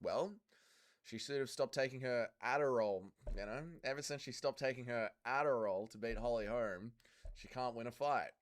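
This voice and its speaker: A man's voice: medium pitch, moderate pace. A man hosting a live watch-along stream, reading viewer chat aloud and bantering crudely, swearing freely and calling people mate. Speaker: livestream host.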